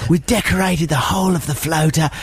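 A man's voice: a little high, steady tone, brisk, slight background noise, voice pushed up, natural voice. An Englishman putting on a jokey Australian accent, playing a boastful, laid-back bloke who keeps saying mate. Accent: put-on Australian. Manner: drawling, says "mate" a lot.

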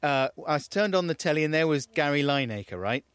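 A man's voice: a little high, a little fast, smooth, dry recording, clean studio sound. A man co-hosting a radio show, joking and teasing in casual banter. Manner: playful, teasing, lively. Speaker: radio co-host. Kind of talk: casual comedic radio chat.

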